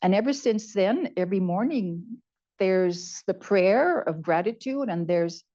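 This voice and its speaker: Gravelly-voiced older woman sharing her story. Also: on the low side, lively intonation, unhurried, warm tone, dull audio. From Canada. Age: 70s. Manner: heartfelt, repeats words for emphasis. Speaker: conference speaker. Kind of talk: personal testimony talk.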